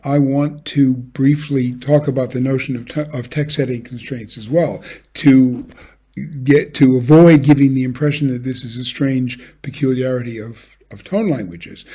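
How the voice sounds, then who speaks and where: Mellow-voiced man giving an academic lecture. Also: medium pitch, husky. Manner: measured, with brief sung examples. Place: home office, recorded for an online lecture.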